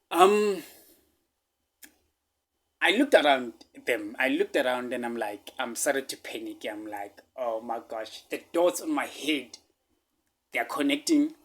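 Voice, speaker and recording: A South African man recounts a personal story in a husky, breathy voice at a middle pitch. He repeats key phrases for emphasis and often drops to hushed asides.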